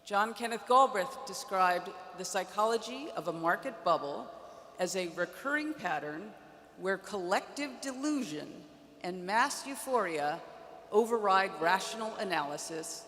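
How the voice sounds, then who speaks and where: A woman's voice: medium pitch, animated, a bit bright. Wry woman speaking in a reverberant arena. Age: around 60. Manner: measured, wry storytelling with dry humor. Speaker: commencement keynote speaker. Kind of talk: prepared commencement speech. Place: large indoor arena.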